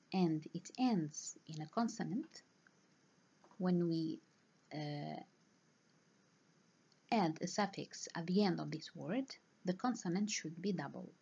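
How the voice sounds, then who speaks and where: A woman lecturer giving a recorded lesson, speaking slowly and deliberately, pausing to repeat each example word. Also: on the low side, vocal fry, a little mellow, slightly rough. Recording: dull lo-fi recording.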